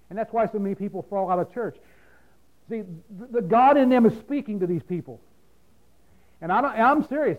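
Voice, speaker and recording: A preacher giving a folksy, conversational sermon, often asking his listeners "See?". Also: high-pitched. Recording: dull lo-fi sound.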